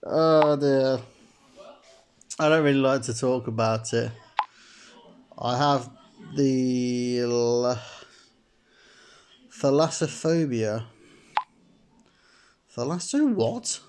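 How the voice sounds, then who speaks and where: A man's voice: mid-range voice, extremely slow, pauses often, noisy background. A man playing a chat story game, reading its messages aloud and rambling through his own answers, packing his talk with "sort of" and frequent laughter. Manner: rambling, heavy use of "sort of", laughs often.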